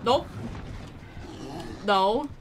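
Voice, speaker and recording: A woman streaming a game from home, excitable, swearing and laughing as she plays. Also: a little high, drawn-out words, slight background noise. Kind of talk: live game commentary.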